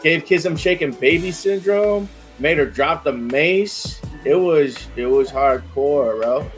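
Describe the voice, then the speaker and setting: A man recapping a tabletop game session in slangy bro-speak, swearing constantly and filling every pause with "like". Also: on the high side, faint music behind. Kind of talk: casual in-character session recap.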